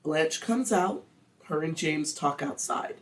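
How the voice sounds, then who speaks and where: A podcast host spins a true-crime tale in loose, animated talk. The speech is crude and playful, and the voice sits a little back from the microphone. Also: medium pitch, takes it slowly, far from the mic. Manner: animated, crude, acts out quotes. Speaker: podcast host telling the story. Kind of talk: casual true-crime storytelling.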